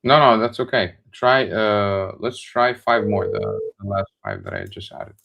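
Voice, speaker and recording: A man's voice: fairly low pitch, very animated, measured pace, gravelly, lo-fi sound. A man helping run the calls, explaining in a loose, casual way. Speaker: co-host sending seller leads.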